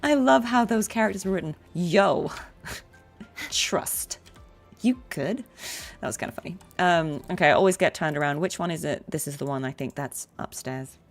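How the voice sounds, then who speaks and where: Chatty woman with a lowish voice. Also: fairly quick, soft background music. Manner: chatty, answering viewer questions with fillers. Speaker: voice actress streaming a game. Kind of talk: casual livestream chat.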